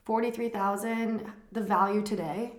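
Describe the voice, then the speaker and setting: A young woman co-hosting a podcast, joking with puns and asking quick follow-up questions. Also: mid-range voice, steady tone. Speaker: podcast co-host. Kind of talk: casual chat. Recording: echoey room.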